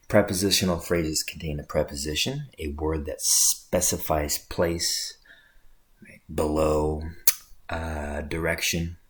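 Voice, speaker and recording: Male English instructor, very low voice, patient explanatory lecture delivery. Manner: explanatory, checks in with "right?". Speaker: English teacher. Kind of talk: recorded lecture.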